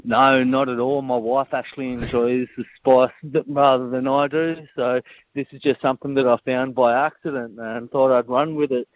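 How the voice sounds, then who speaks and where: A man's voice: medium pitch, flat delivery, normal speed, highs cut off. A cheerful man giving a radio interview as a guest, laughing easily. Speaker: guest, competitive chili eater.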